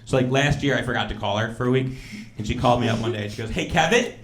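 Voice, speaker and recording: A man performing stand-up comedy in a casual, animated way, laughing between his lines. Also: mid-range voice, rapid-fire, a little hiss or hum.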